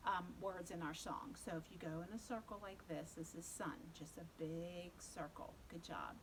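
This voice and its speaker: A woman children's librarian leading a virtual storytime, talking slowly and simply to little ones. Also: on the low side, fairly bright tone, slight background noise, rough recording. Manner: speaks slowly and simply to young children, coaxing.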